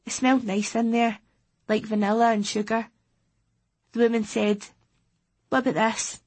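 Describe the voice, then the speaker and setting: A woman with a Scottish accent reading a first-person audiobook as a teenage boy, steady and plain. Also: fairly high pitch, moderate pace. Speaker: audiobook reader.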